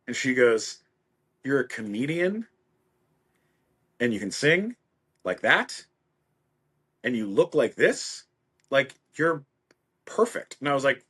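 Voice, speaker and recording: Man, middle-aged guest, mid-pitched; animated storyteller who acts out everyone he quotes. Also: breathy edge. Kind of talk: casual anecdote.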